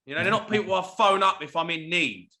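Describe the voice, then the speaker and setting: Bright, blunt ex-footballer man. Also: high-pitched, quick pace. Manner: blunt, swearing, laddish banter. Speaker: former footballer, podcast guest. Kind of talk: casual chat.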